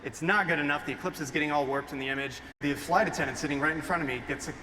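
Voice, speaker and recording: A man's voice: a little high, rapid-fire, pushed and bright, slight background noise. A man giving an emotional, earnest talk on stage before an audience, telling a story through a stage microphone.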